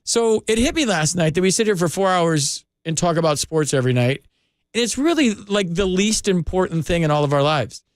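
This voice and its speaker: A man's voice: high voice, lively intonation, a little fast, no echo. A man hosting a late-night sports call-in radio show, talking in an earnest, rambling, heartfelt way from a studio microphone.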